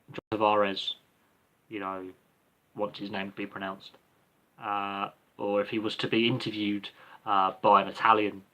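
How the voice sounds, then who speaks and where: Bright-voiced man rambling through a livestream Q&A. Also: on the low side. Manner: rambling, hesitant, many ums and restarts. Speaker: livestream Q&A host. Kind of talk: casual unscripted answering of viewer questions.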